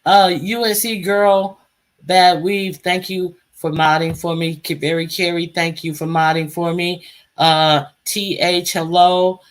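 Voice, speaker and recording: A woman's voice: lowish voice, fairly even intonation, a little slow. A woman hosting a casual live stream, chatting and calling guests up to speak. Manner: chatty, calls out guests by name.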